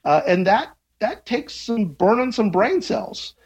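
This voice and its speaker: A man's voice: high-pitched, big pitch swings, unhurried, husky. A man in his fifties who teaches journalism, answering interview questions in a thoughtful, conversational way, often restarting and chuckling. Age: 50s.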